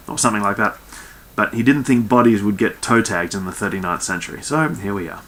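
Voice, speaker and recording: Bright-voiced man doing a snarky book reading. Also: lowish voice, fast talker. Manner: sarcastic asides between dialogue, swearing. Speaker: narrator reading a novel aloud in character.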